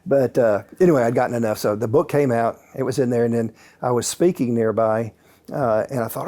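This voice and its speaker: A man, a guest author and paranormal researcher, telling stories in a calm, casual way with many fillers. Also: medium pitch, a little fast. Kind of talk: relaxed anecdotal storytelling.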